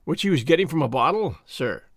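A man's voice: on the high side, very animated, breathy edge, no echo, studio quality. A man voicing a suspicious, hotheaded soldier who angrily accuses a stranger. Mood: angry. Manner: accusing, quick to anger.

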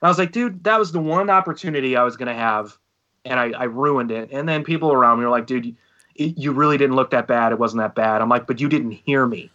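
Bright-voiced man telling animated stories. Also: mid-range voice, quick pace, highs cut off. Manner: animated storyteller acting out quotes. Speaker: podcast co-host and band singer. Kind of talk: casual podcast chat.

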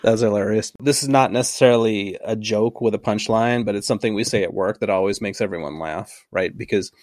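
A man's voice: lowish voice, a little mellow, dry recording, studio quality. A man co-hosting an aviation podcast in casual chat, joking and laughing often. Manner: laughs often, jokey, quick asides. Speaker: podcast co-host, airline operations worker.

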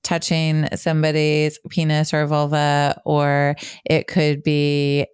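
A woman's voice: sits low, completely flat delivery, slow pace, clear, resonant tone, no echo, studio quality. A woman co-hosting a podcast, explaining in an earnest, casual way with frequent fillers. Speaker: podcast co-host. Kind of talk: casual educational chat.

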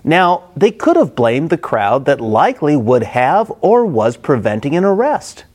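A man's voice: fairly high pitch, very animated, measured pace, a little mellow. A middle-aged man preaching a Bible-study sermon, acting out the quoted characters expressively.

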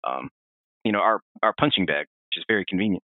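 A man hosting a podcast, telling game lore in a rambling, animated way with frequent restarts. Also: sits low, quick pace, no room sound. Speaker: podcast host. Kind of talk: casual lore discussion. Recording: dry, phone-like narrow sound.

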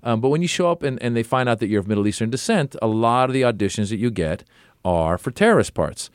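A man's voice: mid-range voice, expressive, fast, smooth, no echo, clean studio sound. A middle-aged man, a comedian and actor, telling casual anecdotes as an interview guest and acting out other people's lines. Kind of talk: casual conversational storytelling.

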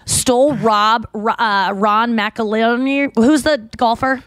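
A woman's voice: fairly high pitch, fairly even intonation, takes it slowly, a bit bright, dry recording. A woman hosting a podcast, chatting casually and rambling with lots of fillers and restarts. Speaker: podcast host. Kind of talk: casual chat.

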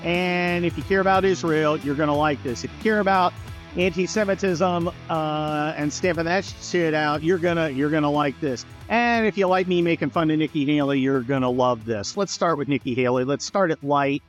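A man's voice: fairly high pitch, moderate pace, soft background music. A man hosting a political podcast, talking in a sarcastic, mocking and blunt way, with swearing. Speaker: podcast host. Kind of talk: political commentary monologue.

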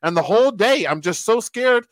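A man casually telling a backstage story as a guest, animated and quoting the people in it. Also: sits high, normal speed, dry recording, low-quality recording. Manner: animated storyteller who quotes other people. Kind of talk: casual anecdote.

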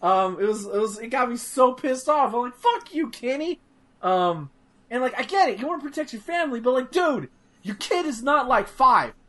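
A man streaming games, chatting casually in an animated, profane, rambling way with many restarts. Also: extremely high pitch, a little fast. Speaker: streamer discussing a game. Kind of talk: casual chat.

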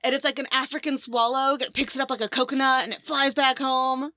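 A woman co-hosting a casual podcast, telling rambling, animated stories full of fillers and the odd swear. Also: sits high, a little fast, no room sound. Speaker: podcast co-host. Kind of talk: casual chat.

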